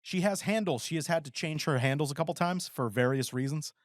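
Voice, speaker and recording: A man's voice: fairly high pitch, a little fast, dry recording, studio quality. A man in his forties co-hosting a podcast, chatting casually and acting out quotes as he tells stories. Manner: rambling, animated storytelling with acted-out quotes. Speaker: podcast co-host. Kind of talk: casual chat.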